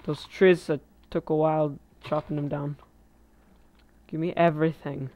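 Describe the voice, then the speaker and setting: A man giving casual, rambling gameplay commentary, correcting himself and breaking into excited outbursts. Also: on the high side, measured pace. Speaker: gaming video creator. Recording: slightly muffled lo-fi recording.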